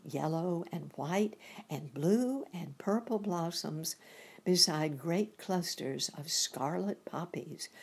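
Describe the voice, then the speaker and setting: Husky woman reading a storybook. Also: fairly low pitch, darkish tone. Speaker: reader. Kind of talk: storybook narration.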